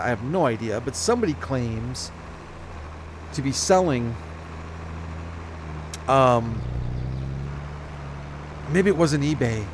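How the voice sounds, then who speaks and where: Slight hiccups punctuate the casual let's-play talk of a gaming channel host playing a farming game. His medium-pitched voice rambles and self-corrects against a noisy background.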